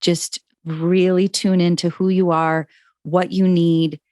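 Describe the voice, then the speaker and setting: A woman's voice: fairly low pitch, level tone, dark tone, no echo, clean studio sound. A middle-aged woman, a parenting author, talking casually as a podcast guest, full of "like" and "you know". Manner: chatty, frequent "like" and "you know", quick laughs. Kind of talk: casual conversational interview.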